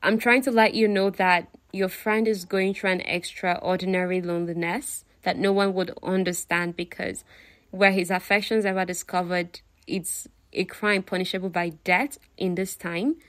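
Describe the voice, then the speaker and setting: Woman as a calm young heroine. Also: lowish voice, moderate pace, close to an everyday voice.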